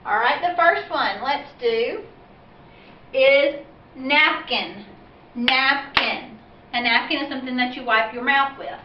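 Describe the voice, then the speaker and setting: A woman teacher patiently explaining reading steps for parents in clear, step-by-step speech. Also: high-pitched, moderate pace, few pauses, a little hiss or hum. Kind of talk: instructional video for parents. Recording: roomy, distant, dull-sounding classroom recording.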